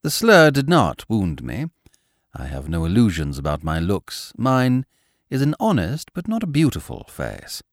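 Guy narrating as a scruffy dog with a wry take on things, lively up and down delivery, dry sound. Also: lowish voice, a little slow, dry recording, heavily acted. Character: easygoing scruffy male dog telling his story. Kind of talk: audiobook narration.

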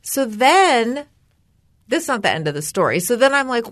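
A young woman co-hosting a podcast, telling a story in casual chat and acting out what others said. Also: normal speed. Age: young adult. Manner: animated storyteller, acts out quotes with big pitch jumps. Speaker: podcast co-host.

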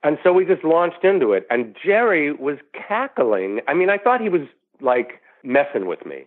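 A male actor guest telling a long anecdote in an animated way, acting out the voices of people he quotes. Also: a little high, moderate pace. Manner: animated storyteller who acts out quoted voices. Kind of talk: storytelling interview anecdote. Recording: tinny phone-like line.

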